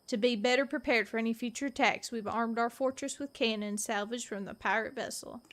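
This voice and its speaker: A young woman from the American South streaming a point-and-click game, excitable and jokey, laughing and gasping often. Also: on the high side, fairly quick. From Southern United States. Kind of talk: casual gameplay commentary. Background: faint game music.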